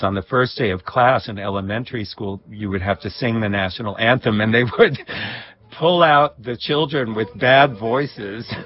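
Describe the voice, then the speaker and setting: A man recalling personal memories in a reflective interview, with a husky voice and soft laughs. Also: mid-range voice, dull audio. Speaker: guest. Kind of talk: reflective storytelling.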